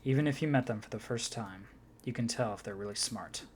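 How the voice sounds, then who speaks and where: A man's voice: mid-range voice, a little fast, slight background noise. A man playing through a visual novel, reading its lines aloud with casual, swearing commentary. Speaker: let's player.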